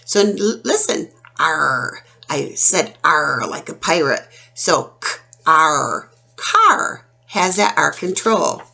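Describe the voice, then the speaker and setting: A woman teaching a phonics lesson to young children, sounding out words slowly and clearly. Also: lowish voice, very animated, sharp tone.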